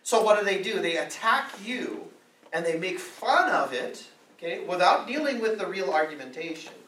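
A man's voice: sits high, big pitch swings, moderate pace, pushed and bright. A man preaching a sermon, pressing his point with repeated rhetorical questions. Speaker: pastor. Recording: roomy echo, mic at a distance, faint ambience.

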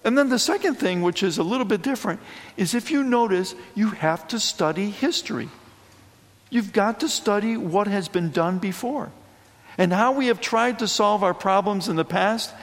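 A man's voice: sits high, normal speed. Man preaching animatedly in an echoey church. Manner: animated, chatty preaching with frequent asides. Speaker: priest. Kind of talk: sermon.

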